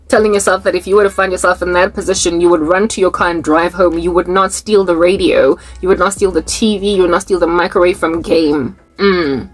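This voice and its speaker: A young South African woman with a South African accent, preaching an unscripted prophetic sermon to camera, breaking into frequent laughter and repeating words for emphasis. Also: on the low side. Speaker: online preacher.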